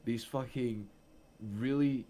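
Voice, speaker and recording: A man's voice: medium pitch, steady tone, takes it slowly, warm tone. A man in casual chat, rambling and profane.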